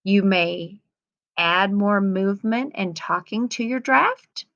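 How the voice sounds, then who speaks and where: Woman, teacher, gentle, slight vocal fry, dry close sound. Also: mid-range voice, no room sound, lo-fi sound. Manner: gentle, patient, reads aloud slowly. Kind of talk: modeling writing edits for young students.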